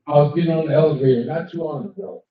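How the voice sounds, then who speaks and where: An older man performs a brash, profane stand-up set at a live show in a cigar lounge, acting out the people in his stories. His voice is fairly high, steady in tone, and rapid-fire. The sound is echoey and dull, picked up from a distance.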